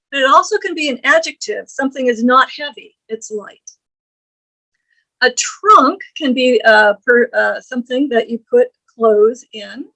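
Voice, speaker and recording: A woman's voice: fairly high pitch, fairly bright tone, low-quality recording. A woman lecturing on English grammar, reading examples aloud and explaining them with frequent ums and uhs. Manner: slow, deliberate, reads quoted lines slowly; frequent fillers like um and uh.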